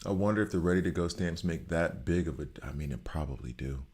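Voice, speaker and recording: Man, very low voice, casual game streamer, chatty, thinking aloud. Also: fast, darkish tone, husky. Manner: chatty, talks to chat viewers, thinks aloud. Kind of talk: casual live-stream commentary while playing.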